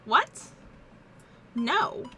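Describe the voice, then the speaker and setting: A woman's voice: very slow, bright, forceful tone. A woman voicing a moody teenage daughter who groans in exasperation while reading a dating-game story aloud. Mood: exasperated.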